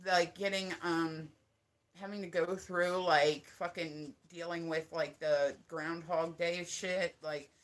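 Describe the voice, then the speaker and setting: A woman's voice: lowish voice, steady tone, takes it slowly, background noise. A woman in her thirties rambling casually on a livestream, swearing often and filling her talk with "like". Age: 30s. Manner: rambling, profane, filler-heavy talk.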